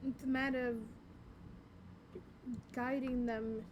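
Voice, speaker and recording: A woman playing a tabletop game, speaking in a measured, soft-spoken way. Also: high voice, level tone, background noise. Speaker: player.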